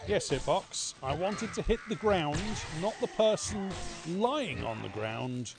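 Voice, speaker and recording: Gravelly man, sarcastic gamer. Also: high-pitched, very animated, slow, hardly any pauses. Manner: chatty, sarcastic, talks to game characters, mock-panicked outbursts. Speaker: gaming streamer. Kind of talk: casual let's-play commentary.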